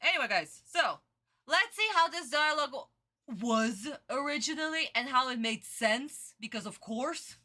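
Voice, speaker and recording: A tired woman streamer rants through a reaction, repeating words in exasperation. Her voice is high and very bright, swooping widely while she talks slowly. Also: expressive. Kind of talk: reaction commentary.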